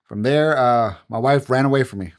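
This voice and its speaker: A man's voice: mid-range voice, normal speed, clean tone. A middle-aged man, a pastor, telling his personal testimony as a podcast guest in an earnest, heartfelt way.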